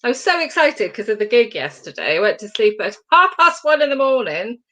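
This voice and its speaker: A woman co-hosting a casual chat show, lively and self-mocking, laughing often. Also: fairly high pitch, fairly quick. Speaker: co-host.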